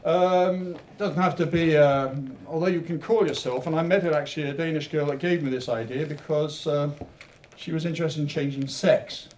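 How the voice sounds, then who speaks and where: A man's voice: a little high, steady tone, moderate pace, a little mellow, a little hiss or hum. A male poet introducing and reading his own rhyming poems, chatty in his asides and rhythmic in the verses. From Wales. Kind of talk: poetry reading with spoken introductions. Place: literature venue hall. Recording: roomy, distant mic.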